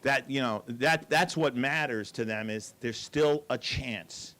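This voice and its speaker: A man's voice: medium pitch, unhurried, fairly bright tone. An older man giving a storytelling talk to an audience, with dry asides and quoted lines.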